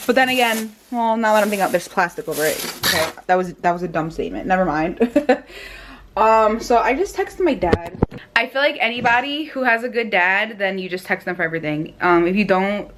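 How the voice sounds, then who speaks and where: A young woman chatting casually to camera about her small business, animated and full of fillers. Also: medium pitch, fairly quick, slight background noise. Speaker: vlogger and small business owner.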